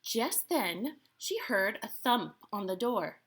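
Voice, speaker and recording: A woman reads a picture book aloud in an unhurried, expressive way. Her bright voice moves lively up and down, and she breaks off now and then to chat with her listeners. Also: medium pitch, breathy edge. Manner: expressive, adds playful asides to listeners. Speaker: storyteller.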